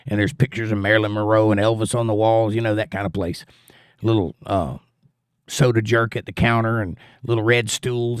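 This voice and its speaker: The host, a man from Georgia, reads viewer comments on his livestream and tells jokey stories with folksy, casual charm. His voice is on the low side, clear and resonant, in a studio-quality recording with no echo.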